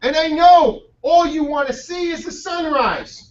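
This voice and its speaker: A chuckling, teasing older neighbor, as a man puts him on, who sounds high and bright. The sound is muffled, from a mic set well back. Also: measured pace, far from the mic. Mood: amused.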